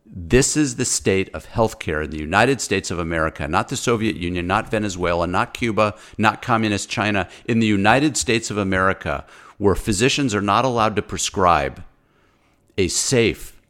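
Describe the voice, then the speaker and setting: Angry, deep-voiced doctor ranting. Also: male voice, expressive, normal speed, fairly bright tone. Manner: angry, insistent, repeats words. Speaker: physician. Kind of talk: impassioned talk-show rant.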